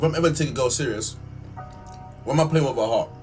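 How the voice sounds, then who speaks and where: A man's voice: medium pitch, fast, long pauses, darkish tone, recorded from a distance. A man with a mid-range voice rants to camera, heated and exasperated, packing his talk with casual slang. Faint music plays underneath. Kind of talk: ranting vlog.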